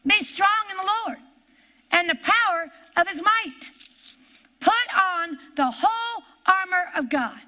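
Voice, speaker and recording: A woman's voice: extremely high pitch, expressive, measured pace, sharp tone. A woman preaching a sermon, emphatic, repeating key phrases and drawing out her stresses.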